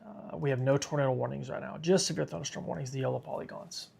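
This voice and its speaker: A man's voice: mid-range voice, quick pace, gravelly, darkish tone, breathy edge. A man hosting a live severe weather stream, tired and sick, talking casually and reading viewer comments aloud. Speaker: weather livestream host.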